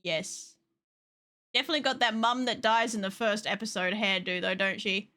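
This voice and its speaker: A woman's voice: mid-range voice, fairly even intonation, normal speed, pushed and bright. A woman casually commenting on her gameplay, swearing often with playful exasperation. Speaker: game streamer.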